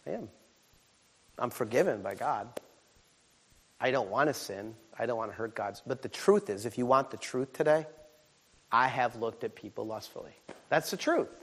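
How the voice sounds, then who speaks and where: A man preaching a sermon as a pastor, animated and humorous, swinging from quiet asides to shouted exclamations. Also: mid-range voice. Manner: humorous, self-deprecating.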